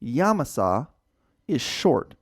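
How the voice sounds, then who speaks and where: A man co-hosting a casual podcast, joking in an animated, mock-serious way. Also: mid-range voice, slow, breathy edge, no echo, clean studio sound. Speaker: podcast co-host.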